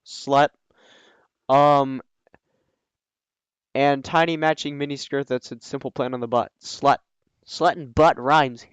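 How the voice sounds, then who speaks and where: A man reading a story aloud and breaking in with sarcastic, scoffing asides, often pausing with ums. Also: mid-range voice, clean tone, no echo, highs cut off. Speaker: reader and commentator. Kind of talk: reading a fan story aloud with mocking commentary.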